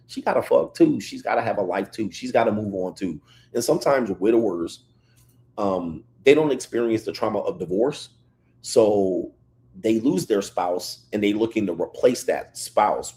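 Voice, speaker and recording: A man hosting a casual livestream, reading chat comments and telling stories in an animated way. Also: on the low side. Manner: animated storytelling, reads chat comments aloud. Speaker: livestream host.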